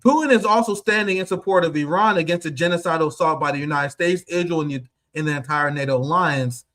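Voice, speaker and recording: A man in his thirties giving heated, profane political commentary, with a combative, ranting delivery that swings between loud outbursts and low asides. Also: fast talker, few pauses. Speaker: political streamer.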